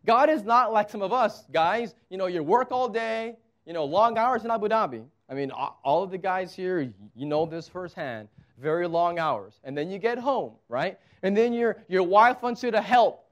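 A man's voice: sits high, moderate pace, few pauses, muffled recording. A man preaching a sermon as pastor, conversational and emphatic, with touches of humor.

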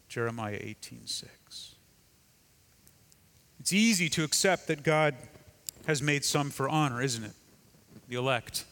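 A male pastor preaching a sermon emphatically, often dropping into a hush for effect. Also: mid-range voice, a little slow, long pauses, long reverb tail. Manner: emphatic, dramatic drops to a hush.

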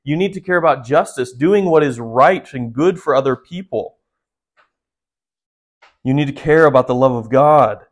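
A man preaches a sermon in an earnest, direct voice. He talks to his listeners and often asks them rhetorical questions. His pitch sits in the middle for a man. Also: moderate pace, pauses often. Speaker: pastor.

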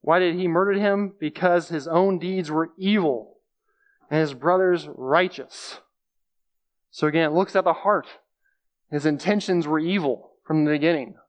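A man preaching in a relaxed, conversational way, with a voice pitched a bit high for a man. He walks through scripture plainly, circles back on key phrases and reaches for everyday examples. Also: a little slow. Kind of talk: conversational sermon.

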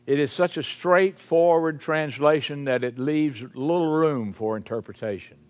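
A man preaching a sermon in a slow, emphatic way, sinking his voice low on key phrases. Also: a little mellow. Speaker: pastor.

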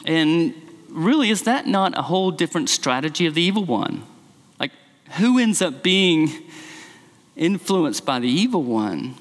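A man's voice: a little high, sing-song, unhurried, big-room sound. A man preaching a sermon as a pastor, telling stories in a conversational way with many "like"s. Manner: conversational storytelling, frequent "like".

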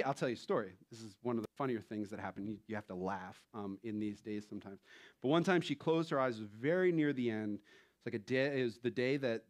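A man in his thirties preaching a sermon in a relaxed, conversational way, telling stories with light laughter. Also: mid-range voice. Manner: conversational, animated storytelling with laughs. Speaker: pastor.

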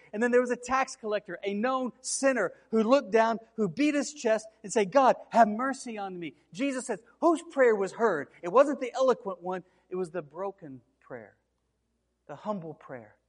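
High-pitched man preaching a sermon, gets loud and emphatic, big echoey hall. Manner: preaching with rising intensity, repeated emphatic cries. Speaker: pastor.

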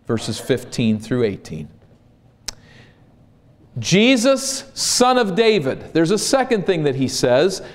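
Slow, deliberate male preacher. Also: mid-range voice. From Minnesota. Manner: slow, deliberate preaching that rises to loud emphasis. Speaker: pastor. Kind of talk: sermon.

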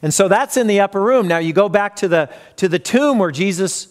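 A man's voice: high voice, lively intonation, fairly quick. A man preaching a sermon, retelling a story and briefly acting out the voices in it. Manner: storytelling, acts out quoted voices. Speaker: pastor.

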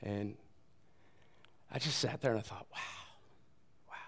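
A man in his thirties or forties, a pastor giving a sermon in a conversational, animated storytelling way. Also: on the low side, measured pace, creaky.

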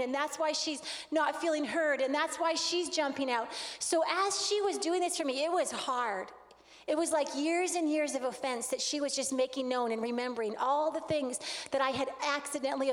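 Woman, high voice, earnest storyteller, sermon talk, long hall reverb. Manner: earnest, animated storyteller acting out quotes. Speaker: speaker at a relationship conference.

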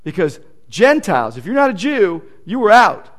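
High-voiced pastor preaching emphatically. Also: male voice, very animated, moderate pace. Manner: earnest, emphatic preaching with repeated stresses. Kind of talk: sermon.

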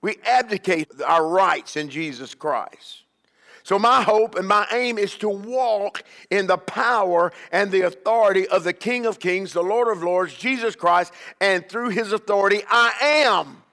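A man's voice: high voice, measured pace, sharp tone, in a large hall. A man preaching as a bishop, emphatic, with call-and-response and repeated questions to the congregation. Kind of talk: sermon.

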